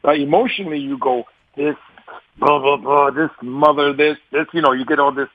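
A man in his forties, a guest telling stories in a casual interview, animated, laughing often, and repeating words as he starts sentences. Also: on the high side, normal speed, dry recording, phone-quality sound. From New York.

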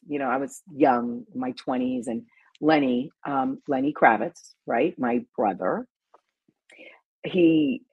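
A middle-aged woman hosting a talk show, telling a story in a casual, animated way with emphatic asides and restarts. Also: no echo. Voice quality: deep, gravelly, very husky voice. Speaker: talk show host and panelist.

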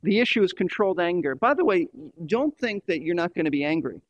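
A man's voice: high voice, sing-song, fast, dry recording, highs cut off. A man preaching a sermon in an emphatic way, repeating key phrases for stress.

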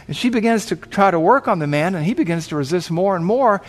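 A man's voice: sits high, animated, fast talker, few pauses. Man telling a vivid sermon story. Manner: vivid storyteller, acting out quoted voices. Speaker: pastor.

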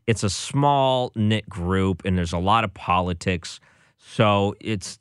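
Man, very low voice, dry close sound, sarcastic host, exasperated music commentary. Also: a bit bright, no echo. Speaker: radio or podcast host.

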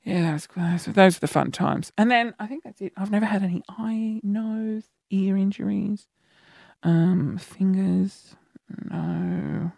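A man hosting a podcast, telling self-mocking stories in an animated way. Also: a little slow, creaky, no echo. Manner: animated, self-mocking, jumps into shrill yelps when acting out panic. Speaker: podcast host. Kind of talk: casual storytelling monologue.

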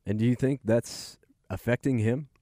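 A man's voice: mid-range voice, moderate pace, dark tone, dry recording, studio quality. A man co-hosting a sports podcast, mostly chiming in with short agreement. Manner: brief agreeing interjections. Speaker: podcast co-host. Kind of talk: casual sports talk.

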